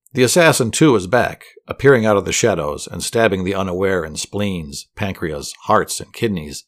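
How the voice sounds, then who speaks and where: A man telling a guided fantasy story to relax to, in a soothing, steady voice with dry humor. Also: sits low. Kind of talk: calm guided fantasy narration.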